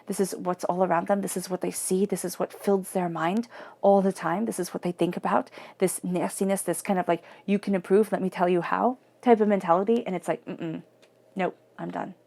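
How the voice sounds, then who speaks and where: A woman giving a chatty, emphatic tarot reading and murmuring her invocations softly. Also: medium pitch. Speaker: tarot reader. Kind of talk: casual tarot reading monologue.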